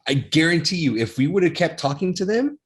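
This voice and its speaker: A man's voice: on the high side, sing-song, fairly quick. A man co-hosting a podcast, telling a story in a laid-back, casual way with casual swearing. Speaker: podcast co-host. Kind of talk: casual chat.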